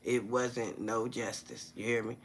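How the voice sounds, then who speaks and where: A man's voice: mid-range voice, steady tone, unhurried. A man talking casually to viewers on a live stream on his phone. His talk is loose and slangy, he keeps asking them "you feel me?", and he breaks off to greet people by name.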